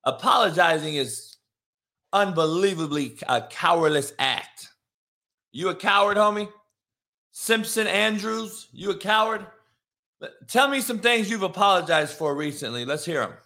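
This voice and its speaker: A man hosting a live morning stream, ranting profanely and confrontationally, mocking and shouting at his chat. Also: high voice, animated, a little slow. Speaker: live show host. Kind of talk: brash live-stream rant.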